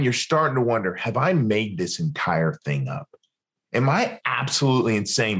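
Low-voiced man telling a war story. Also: fairly bright tone. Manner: vivid storyteller who acts out quoted dialogue. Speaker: guest, former military interrogator. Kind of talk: storytelling interview.

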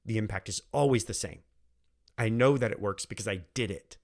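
A man's voice: on the low side, fairly quick. A man, a former airman turned trainer, telling a personal story in an earnest, emphatic way, repeating phrases for weight. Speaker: podcast host and trainer.

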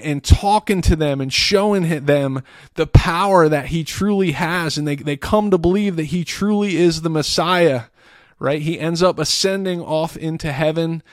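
A man's voice: a little high, no room sound, clean studio sound. Earnest man retelling a scripture story. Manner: earnest, repeats words and restarts. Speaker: podcast host. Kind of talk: faith talk, retelling scripture.

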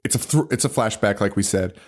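A man's voice: lowish voice, fast. A man co-hosting a casual horror podcast chat, talking loosely with lots of swearing and restarts. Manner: loose and profane, swears often; rambling, with restarts. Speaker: podcast co-host.

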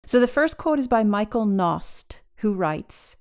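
A woman's voice: mid-range voice, very animated, a little slow, darkish tone, clean tone. A woman hosting a podcast who talks in an emphatic, enthusiastic way. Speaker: podcast host. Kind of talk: podcast commentary.

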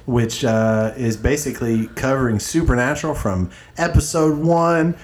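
A man hosting a casual podcast, joking, laughing often and slipping into quick put-on voices. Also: medium pitch. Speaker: podcast host.

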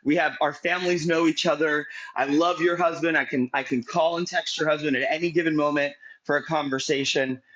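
Male livestream host, high-pitched, upbeat and pushy about audience shares. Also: fairly quick, hardly any pauses, dull audio. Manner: energetic, rallying viewers to share. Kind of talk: livestream interview.

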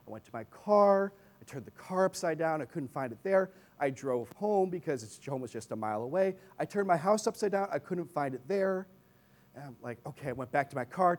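Young male pastor, conversational sermon delivery, animated storyteller, mid-range voice. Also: mid-range voice. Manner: animated storytelling with asides to the congregation. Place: church in Chicago.

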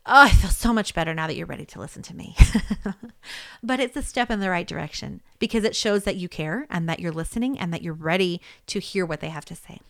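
A woman's voice: medium pitch, a bit bright, no room sound, clean studio sound. A woman giving spoken advice on handling upset colleagues, conversational and easygoing, often checking in with "okay?" and "right?" and laughing lightly.

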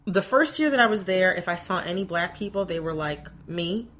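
A young woman in casual conversation, speaking in an animated, chatty way. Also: lowish voice, slight background noise. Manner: animated, chatty, quick to laugh.

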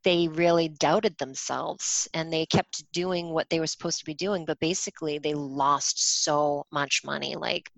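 A woman with a low, gravelly voice talks as a podcast guest. She rambles, with plenty of fillers and restarts. The recording is close and dry. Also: steady tone, a little slow, few pauses, fairly bright tone, no room sound, low-quality recording. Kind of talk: casual conversation.

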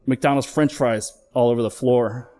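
A middle-aged man, a flight paramedic, telling a true personal story on stage, candid and emotional, swearing now and then and slowing down for emphasis. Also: mid-range voice, steady tone, dark tone.

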